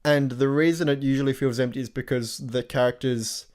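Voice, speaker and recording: A man's voice: medium pitch, fairly even intonation, brisk, darkish tone. A man co-hosting a casual film review podcast, telling stories animatedly and mimicking characters. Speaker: podcast co-host.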